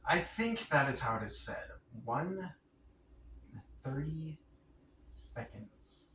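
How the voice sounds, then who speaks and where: Slow-talking man musing to himself. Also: a little high, lively intonation, sharp tone, distant mic. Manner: muttering and repeating, unsure, working out fractions aloud. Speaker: vlogger. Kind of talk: thinking aloud to himself. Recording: echoey room, off-mic, noisy background.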